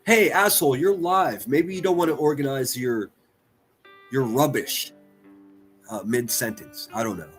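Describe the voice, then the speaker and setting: A man's voice: mid-range voice, a little slow, pauses often, soft background music. A man hosting a livestream, giving crude, sarcastic reaction commentary and mocking what he plays. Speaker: commentary streamer host.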